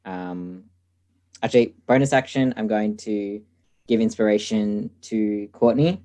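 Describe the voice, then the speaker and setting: A man's voice: on the low side, measured pace, mellow. A man playing a tabletop game, talking casually with many fillers. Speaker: player. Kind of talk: tabletop game play over a call.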